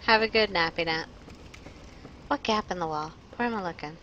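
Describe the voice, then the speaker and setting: A woman's voice: lowish voice, normal speed, sharp tone, lo-fi sound, a little hiss or hum. A young woman streaming a video game live, chatting with her viewers and joking as she panics at what happens on screen. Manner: jokey, panicky, talks to chat. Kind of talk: live gameplay commentary.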